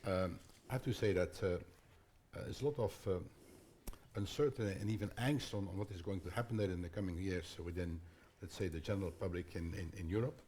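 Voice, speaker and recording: An older man moderating a conference panel in a halting way, with frequent fillers and restarts. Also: deep voice, darkish tone, slight background noise.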